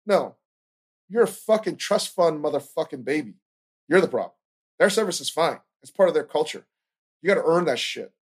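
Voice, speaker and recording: Casting note: a foul-mouthed male podcast host, ranting with a wide, swooping pitch. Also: normal speed, pauses often, husky. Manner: ranting, swears constantly, animated outbursts. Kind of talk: profane casual commentary.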